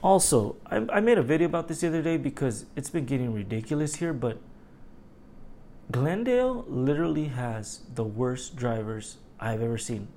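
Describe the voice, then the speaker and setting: A middle-aged man hosting a casual solo podcast, ranting in animated, profane stories and acting out what people said. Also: mid-range voice, moderate pace, a little hiss or hum. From Los Angeles area. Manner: animated, profane storytelling with acted-out quotes. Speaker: podcast host.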